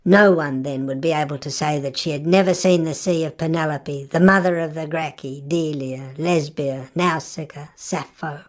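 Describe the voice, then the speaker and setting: Woman, deep voice, audiobook narrator, expressive and wry reading. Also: normal speed, hardly any pauses.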